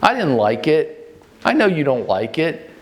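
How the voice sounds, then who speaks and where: A man's voice: sing-song, unhurried, a little hiss or hum. Blunt, emphatic man in his fifties. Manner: blunt and emphatic, leaps up in pitch to stress points; speaks directly to the audience, often with short punchy sentences. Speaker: real estate broker training agents. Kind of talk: blunt motivational training talk.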